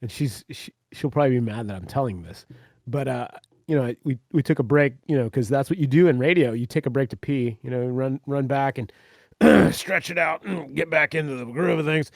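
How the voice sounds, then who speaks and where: A man's voice: mid-range voice, brisk, creaky, no room sound, clean studio sound. A man, a guest on a podcast, telling stories in a wry, profane, casual way. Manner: wry storyteller, swearing. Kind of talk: casual chat.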